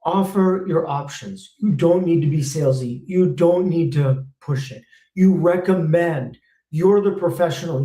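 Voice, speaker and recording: Host, man in his thirties, blunt and fired up, swears freely, slightly high voice, echoey room. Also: unhurried, warm tone. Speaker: host and former technician. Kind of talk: live Q&A rant.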